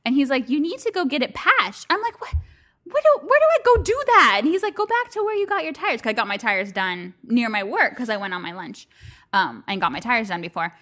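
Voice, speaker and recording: A woman's voice: a little high, very animated, a little fast, fairly bright tone. A woman co-hosting a casual chat podcast, telling stories with lots of swearing and frequent laughter. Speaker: podcast co-host.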